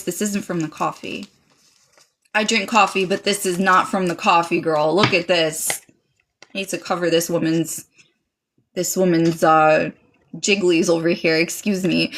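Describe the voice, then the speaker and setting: A woman's voice: fairly low pitch, fairly even intonation, a little slow, a bit bright. A woman streaming a live tarot reading, chatting casually and dramatically, pouring thanks on her viewers. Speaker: livestream tarot reader.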